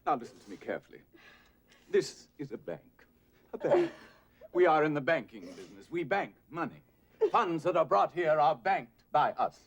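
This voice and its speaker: An actor playing a flustered, exasperated bank manager who keeps over-explaining and grows more frantic. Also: male voice, a little high, big pitch swings, moderate pace, highs cut off, slight background noise. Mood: strained patience. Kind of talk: film acting.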